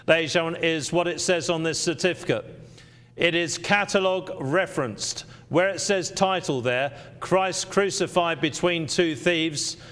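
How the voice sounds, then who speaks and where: A man's voice: sits high, fairly bright tone, smooth. A man working as an auctioneer on a live stream, selling with persuasive patter and repeating the key points to his bidders.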